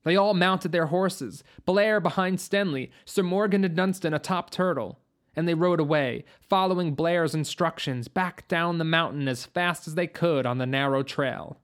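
A woman narrating a fantasy story in a steady, even reading. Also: on the low side, normal speed. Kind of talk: audiobook narration.

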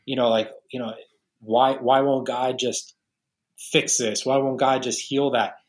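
A man's voice: medium pitch, steady tone, unhurried. Male guest, forties, from New York, earnest storyteller, casual. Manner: earnest storytelling, many restarts. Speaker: podcast guest, realtor. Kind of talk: casual interview talk.

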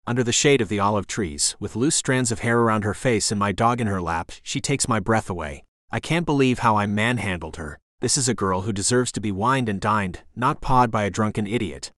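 In a close, dry recording with no room sound, a man reads a romance audiobook told in the first person. His voice is on the low side yet fairly bright, and his delivery is measured and storytelling.

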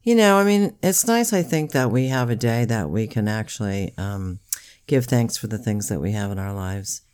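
Podcast cohost, smooth clear voice, kinda sarcastic and teasing. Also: medium pitch, animated, moderate pace, darkish tone. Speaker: podcast co-host. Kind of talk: casual chat.

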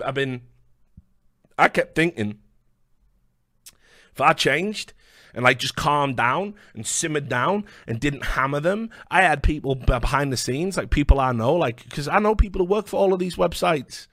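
A man's voice: on the high side, a bit bright, no echo, studio quality. A British man delivering a heated, profane video rant, combative and full of stammered restarts. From Britain. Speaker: online commentator.

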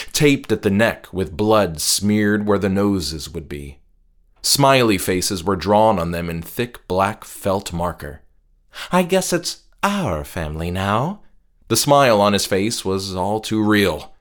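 A man narrating a horror short story in a measured, hushed delivery that trails off quietly at the ends of phrases. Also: low voice.

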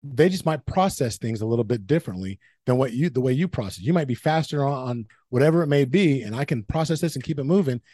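A man speaks quickly and earnestly as a podcast guest, coaching his listeners with emphasis. His tone is mellow and a bit higher than most men's. The recording is dry and close. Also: expressive, no echo. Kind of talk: casual relationship advice talk.

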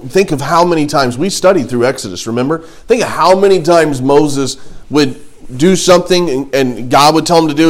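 Leading a Bible class, a man with a voice on the high side keeps things relaxed and conversational, reading scripture aloud and interrupting himself with jokes and asides.

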